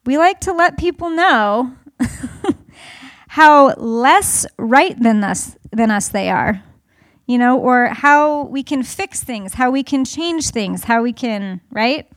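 A woman in her thirties talks to an audience in a high, bright voice, animated and chatty as she tells stories from home. The sound is close and dry, with no room around it. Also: takes it slowly, no echo. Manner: animated storytelling with laughter. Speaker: speaker addressing an audience. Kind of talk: conversational talk to an audience.

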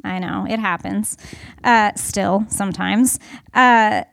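A woman's voice: mid-range voice, steady tone, slow pace, vocal fry, a bit bright, dry recording, clean studio sound. A middle-aged woman giving a candid, chatty personal talk to a group, full of fillers. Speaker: speaker.

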